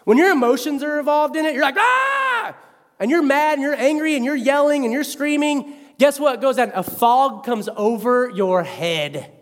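A man in his thirties preaching a sermon as pastor, animated and conversational, with self-mocking asides. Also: very high-pitched, normal speed, in a large hall.

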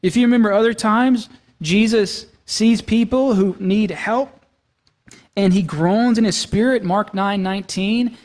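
Man, pastor, high voice, conversational sermon, long church-hall reverb. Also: measured pace, darkish tone. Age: young adult to middle-aged, has young kids. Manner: conversational, asks the congregation "right?" and "okay?". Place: church sanctuary.

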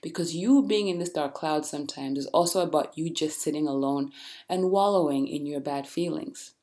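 Low-voiced woman giving blunt podcast encouragement. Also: normal speed. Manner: blunt, animated, preachy encouragement. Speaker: podcast host. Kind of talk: casual motivational monologue.

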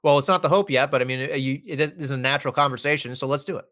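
A man's voice: medium pitch, racing, fairly bright tone. A man co-hosting a wrestling podcast, ranting heatedly and swearing constantly in casual chat. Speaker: podcast co-host.

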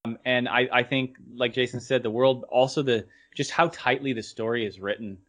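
A man's voice: medium pitch, steady tone, normal speed, a bit bright. A man co-hosting a casual podcast, chatting easily about anime characters and giving short agreeing replies. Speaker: podcast co-host. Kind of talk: casual review chat.

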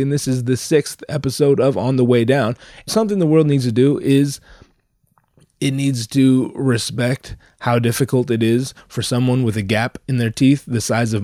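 A man's voice: mid-range voice, darkish tone, no echo, studio quality. A young man hosting his own podcast alone, talking in a rambling, profane, self-mocking way while he is sick and sounds a bit nasal. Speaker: solo podcast host. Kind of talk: rambling casual monologue. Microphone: headphones and microphone.

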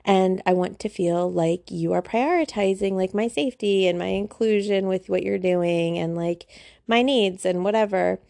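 Woman vlogging about relationships, says like constantly, gravelly fry, dry close sound. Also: mid-range voice, normal speed, mellow, no echo. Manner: chatty, peppered with "like", slangy. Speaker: spiritual self-help vlogger. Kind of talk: casual talking-to-camera monologue.

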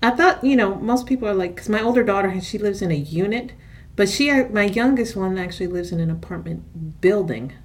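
A woman's voice: medium pitch, lively intonation, a little fast. A middle-aged woman co-hosting a casual chat, talking in a rambling, hesitant way full of fillers. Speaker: co-host.

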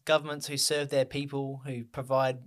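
A young man on a podcast with a mid-range voice, ribbing his co-host. His humor is dry and deadpan, and the quips come out in a relaxed, offhand way. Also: medium pitch, normal speed. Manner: dry teasing, deadpan jokes. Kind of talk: casual banter.

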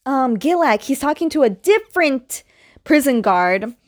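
A woman casually recapping a comic book story, chatty and quick with asides, filling her retelling with "like". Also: high-pitched, sing-song, no room sound, studio quality.

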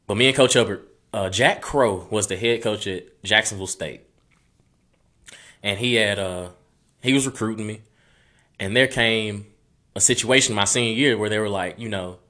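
A man's voice: lowish voice, normal speed, pushed and bright. A young man, a former college football player telling his story earnestly and repeating phrases as he goes. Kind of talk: personal storytelling.

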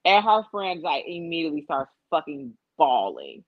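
A woman in casual chat who tells stories with lots of swearing and laughter. Her voice swings widely in pitch as she gets into the retelling. The recording is dry and a little muffled. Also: normal speed, no room sound. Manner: animated, profane storytelling with lots of laughter.

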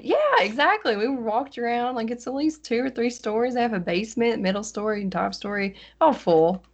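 A woman's voice: on the high side, fairly even intonation, brisk, a little mellow, highs cut off. A woman chatting casually, telling stories and laughing easily. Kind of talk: casual chat.

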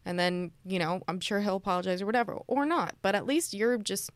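A woman's voice: medium pitch, lively intonation, fairly quick, no echo. Chatty frank woman, dry close mic. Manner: chatty, frank, lots of fillers. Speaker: podcast co-host. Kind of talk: casual chat, reading listener questions.

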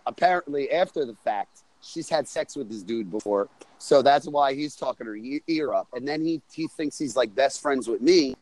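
A man's voice: mid-range voice, no echo, poor audio. A man casually telling a crude story in a rambling, profane way, often checking in with "right?". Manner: rambling, profane, says "right?" and "you know what I'm saying" often. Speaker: storyteller on a group call. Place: on a loud street outside a bar.

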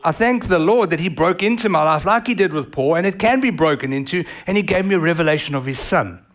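A man with a South African accent preaching a sermon as pastor, animated and vivid in delivery. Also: on the high side, fast. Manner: animated, acts out voices of others.

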